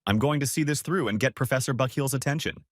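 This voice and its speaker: A man's voice: mid-range voice, fast talker, dry recording, clean studio sound, lightly acted. A man reading as a scheming young student mage.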